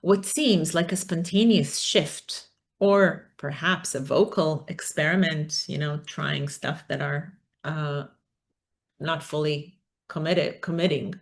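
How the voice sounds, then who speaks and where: A woman's voice: low voice, fairly even intonation, slow pace, gravelly. A woman giving an academic talk, thoughtful and hesitant, with many fillers. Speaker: academic speaker. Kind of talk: conference talk.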